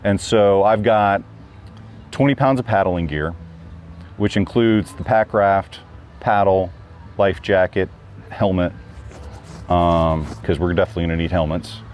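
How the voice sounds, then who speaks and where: A man's voice: sits low, a little slow, pauses often, darkish tone. A man being interviewed about a trip, talking casually and rambling with lots of fillers and restarts. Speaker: guest hiker. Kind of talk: casual chat.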